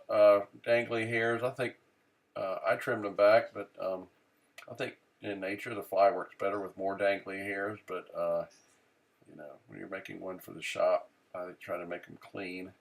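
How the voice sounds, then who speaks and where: A man casually explaining fly tying step by step, relaxed and unhurried, often pausing on "uh" as he works. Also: lowish voice, creaky. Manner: relaxed, many "uh" fillers, thinking aloud while working. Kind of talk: casual how-to narration.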